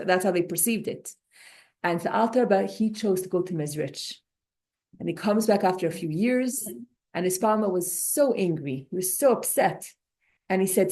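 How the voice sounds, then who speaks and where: A woman teaching a Torah class, animated and restarting her sentences often. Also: mid-range voice. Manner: animated, many restarts and repeated words.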